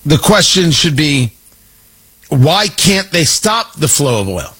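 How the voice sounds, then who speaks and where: A man's voice: on the high side, big pitch swings, slow pace, fairly bright tone, husky, poor audio. A man delivering an opinionated political monologue, sarcastic and emphatic, repeating points for effect. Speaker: political commentator.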